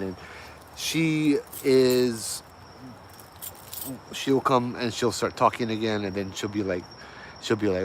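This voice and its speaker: A man's voice: mid-range voice, moderate pace, a little hiss or hum, rough recording. A middle-aged man, casually telling a ghost story in a loose, rambling way, correcting himself as he goes. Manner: easygoing, rambling with fillers and self-corrections.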